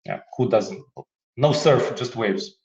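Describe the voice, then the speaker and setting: A man walks through a software demo in easy conversation, joking and laughing as he goes. He stumbles and restarts often. The audio is roomy and slightly muffled. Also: medium pitch, animated, takes it slowly. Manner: playful, laughs often, many filler restarts. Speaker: guest demonstrating software. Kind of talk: casual tech demo chat.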